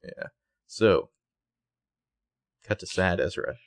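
A man co-hosting a casual recap chat, animated and sarcastic, jumping into high, loud voices when quoting characters. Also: slow pace, dry recording. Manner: profane and sarcastic. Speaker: podcast co-host.

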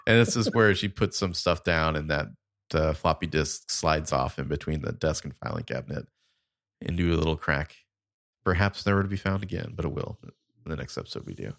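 Deep gravelly man, laid-back podcast chat. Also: expressive, brisk, a bit bright, dry recording, studio quality. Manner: laid-back, filler-heavy recapping. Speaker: podcast co-host. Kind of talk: casual chat. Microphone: remote call setup.

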